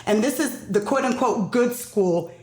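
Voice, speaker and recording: A woman's voice: fairly high pitch, expressive, normal speed, a little mellow. A middle-aged woman speaking as a parent guest in a casual podcast conversation, telling her story with emphasis and quoting the people in it. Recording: roomy echo.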